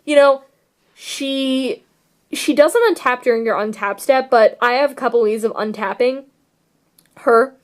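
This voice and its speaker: A woman's voice: a little high, a little slow. Gushing young woman vlogger. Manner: gushing, rambling, filler-heavy. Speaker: card game vlogger. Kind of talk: casual deck tech chat.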